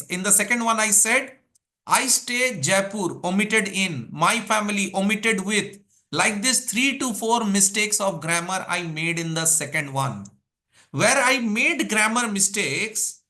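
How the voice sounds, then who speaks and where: High, bright-voiced coach. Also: male voice. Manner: energetic, drills points with rhetorical questions and lists. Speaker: English speaking coach. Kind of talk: live workshop teaching.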